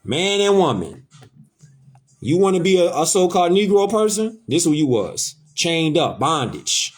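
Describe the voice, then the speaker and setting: A man's voice: on the high side, very animated, measured pace, faint music behind. A man hosting a casual talk, speaking emphatically and with swearing, repeating his points. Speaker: host. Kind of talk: casual conversation, preachy.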